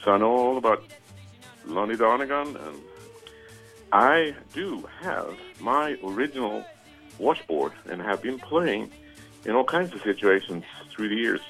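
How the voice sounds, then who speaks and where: Man, caller, voicemail, friendly, unhurried, lower pitch. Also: lively intonation, a bit bright, soft background music. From Sweden. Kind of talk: voicemail to a radio show.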